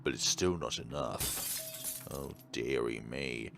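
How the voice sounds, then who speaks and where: A man voicing a sinister, never-satisfied devil from a horror game in a slow, low, menacing murmur. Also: creaky, fairly bright tone, faint music behind, full character voice.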